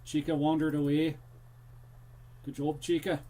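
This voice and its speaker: Here a young man gives casual commentary while streaming a horror game, addressing viewers as he plays and lapsing now and then into a joking pirate voice. His voice sits fairly high, with a dark tone, a measured pace, and little movement in pitch.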